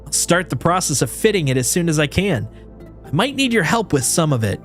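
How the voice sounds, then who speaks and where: A man voicing a brash, excitable woman ship mechanic who used to be a mercenary, loud and blunt. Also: a little high, fairly quick, soft background music, voice pushed up. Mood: brisk.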